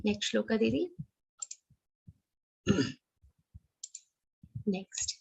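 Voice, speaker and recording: A woman with an Indian English accent teaching Sanskrit verse recitation in an online class, correcting pronunciation and chanting lines slowly. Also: fairly high pitch, muffled recording. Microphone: video call.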